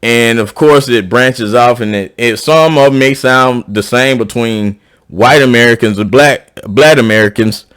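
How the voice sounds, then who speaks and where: A man's voice: measured pace, fairly bright tone, smooth. A man with a South Georgia accent, talking casually and at length to his viewers, rambling and restarting his sentences. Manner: rambling, repeats and restarts, pitch rising when emphatic. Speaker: YouTube commentator. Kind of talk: casual opinion monologue.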